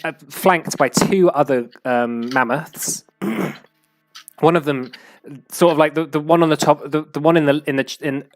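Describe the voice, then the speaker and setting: A man's voice: mid-range voice, no room sound. A man running a tabletop game as game master, narrating in a rambling way full of fillers and restarts.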